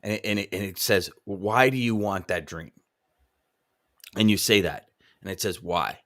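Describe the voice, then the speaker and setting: Male host and coach, low-pitched, animated and loose in casual live-stream talk. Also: moderate pace. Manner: animated, repeats words, reads viewer comments aloud. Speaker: podcast host and trucking coach.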